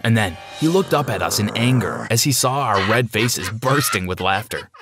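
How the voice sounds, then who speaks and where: A man narrating a dramatic first-person story in an expressive storytime style. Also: fairly low pitch, normal speed, music in the background.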